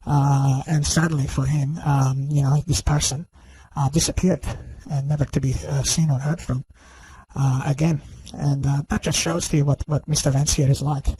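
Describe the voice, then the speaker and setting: A man giving an unscripted, accusing video monologue, halting and full of fillers and restarts. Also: on the high side, little pitch movement, warm tone, slightly rough, rough recording. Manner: accusing and indignant. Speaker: online video commentator.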